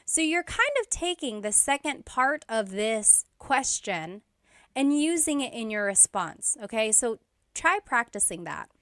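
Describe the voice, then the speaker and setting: A woman teaching a language lesson, explaining slowly and carefully with repeated example phrases. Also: fairly high pitch, big pitch swings, a bit bright, dry recording, clean studio sound.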